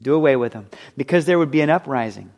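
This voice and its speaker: A man preaching a sermon, animated, acting out quoted voices as he teaches. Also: medium pitch, fast talker, creaky. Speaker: pastor.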